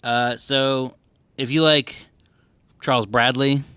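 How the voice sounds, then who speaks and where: A man's voice: mid-range voice, fairly even intonation, slow, pushed and bright, smooth, no room sound. A young man co-hosting a casual podcast recorded in a record store, laid-back, swearing freely and often laughing. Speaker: podcast co-host. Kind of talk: casual chat.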